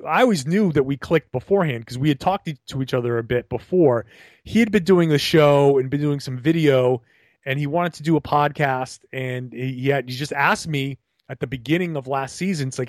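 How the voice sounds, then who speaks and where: Man, podcast co-host, casual chat, animated, rambling, slightly high voice, dry sound. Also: moderate pace, no room sound. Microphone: remote call.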